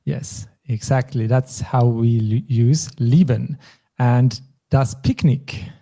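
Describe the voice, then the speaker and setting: A man from German-speaking Europe teaches a language lesson in a medium-pitched, dark-toned voice, taking it slowly. He patiently explains phrases and vocabulary step by step.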